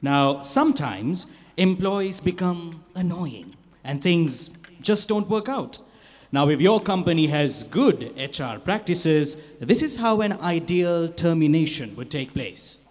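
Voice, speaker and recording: A man with a Sri Lankan accent giving a measured introduction to a comedy sketch. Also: fairly high pitch, animated, darkish tone. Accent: Sri Lankan English. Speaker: sketch narrator. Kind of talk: slow stage narration. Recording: long hall reverb.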